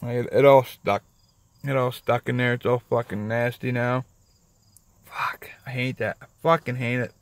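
A gravelly-voiced man talks into his phone from a parked car, rambling loosely with plenty of swearing and self-mockery. The sound is close and dry, with no room around it. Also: medium pitch, fairly even intonation, normal speed, no room sound. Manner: rambling, profane, self-mocking. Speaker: vlogger. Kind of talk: casual vlog talk.

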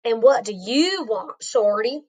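A woman's voice: on the high side, expressive, unhurried, darkish tone. Woman doing an easygoing cowboy. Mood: steady. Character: calm old-west cowboy man.

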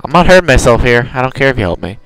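A man's voice: medium pitch, big pitch swings, very fast, a bit bright, clear, resonant tone, faint music behind, rough recording. A young man casually commenting while he plays a video game, rambling and correcting himself as he goes. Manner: rambling, self-correcting, chatty. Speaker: gamer. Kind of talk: casual let's play commentary.

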